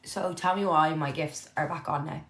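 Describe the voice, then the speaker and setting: A young woman chatting casually on a live stream from her living room, reading and answering viewer comments, candid and quick to swear. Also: low-pitched, steady tone, fairly bright tone.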